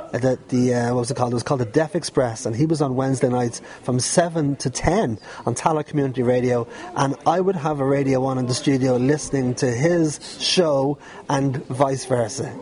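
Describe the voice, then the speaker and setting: A middle-aged Dublin man talking through his memories in a loose, chatty way, often breaking into a laugh. His voice is mellow and soft-edged, sitting at an ordinary pitch for a man. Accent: Dublin Irish. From Dublin, Ireland. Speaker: guest, former pirate radio DJ. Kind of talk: relaxed storytelling interview.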